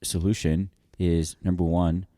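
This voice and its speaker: A man in his thirties with a low, deep voice, venting in animated, exaggerated banter. He sounds close to the mic, with a dry, dead room. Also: measured pace, no room sound. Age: 30s. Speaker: podcast co-host. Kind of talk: casual couple banter.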